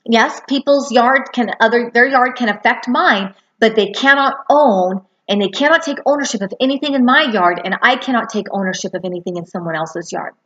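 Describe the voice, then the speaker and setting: A woman's voice: fairly high pitch, a little fast, hardly any pauses, fairly bright tone, muffled recording. A woman in her thirties or forties teaching a lesson on boundaries, earnestly acting out quoted dialogue. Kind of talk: spoken lesson.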